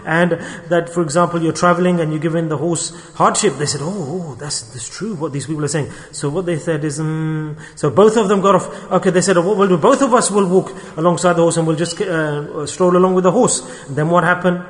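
A fairly high-voiced man preaches a sermon to a gathering. He tells a parable and voices the mocking onlookers with a rising, animated pitch. His voice rings out with long hall reverb. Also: brisk, few pauses. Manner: storytelling, acting out quoted people with rising pitch.

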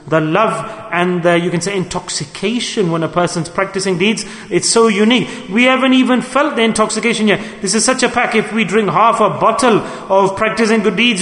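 A man preaching, his voice pitched high. He delivers his sermon with animation, slipping into the voices of the people he quotes. The sound rings with long echo, as if in a large hall. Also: a bit bright. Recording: echoey hall.

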